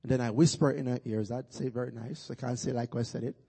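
A man's voice: mid-range voice, fairly even intonation, fast talker, vocal fry, warm tone, breathy edge. A Jamaican man preaching as a guest pastor in a church, rousing the congregation with calls for praise. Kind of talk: sermon. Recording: long church-hall reverb.

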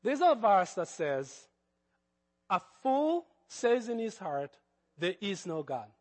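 A man's voice: sits high, very animated, slow, in a large hall. A man with a Kenyan accent preaching a sermon as pastor, with hesitant fillers that build to fervent emphasis.

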